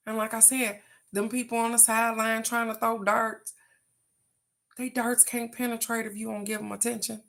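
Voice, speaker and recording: A woman's voice: medium pitch, fairly bright tone. Encouraging woman reading oracle cards. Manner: encouraging, motivational, talks straight to viewers. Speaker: oracle card reader, livestream host. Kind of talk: casual live card reading.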